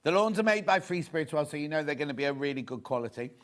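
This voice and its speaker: Brief: male shopping-channel host, gossipy and rambling, voice high and very animated. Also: racing. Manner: chatty, rambling, gossipy asides. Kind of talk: live TV selling chat. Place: TV studio.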